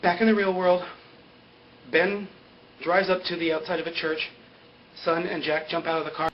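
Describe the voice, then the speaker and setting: A young man with a slightly high voice rattles through a TV episode recap, loose and chatty, packing in "like" and "you know" and laughing at his own jokes. The sound is dull and lo-fi, like a home video setup. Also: flat delivery, moderate pace, slight background noise. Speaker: TV recap vlogger. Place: indoor greenscreen video setup.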